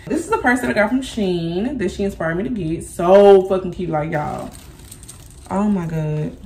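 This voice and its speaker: A woman's voice: medium pitch, roomy sound, distant mic, slight background noise. A young woman chatting casually to viewers as she unboxes clothes and bags, full of slang. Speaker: vlogger.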